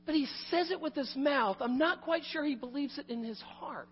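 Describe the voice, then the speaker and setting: Male pastor, very high voice, animated sermon delivery, muffled echoing hall recording. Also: moderate pace. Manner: animated, swings between loud emphasis and quiet asides.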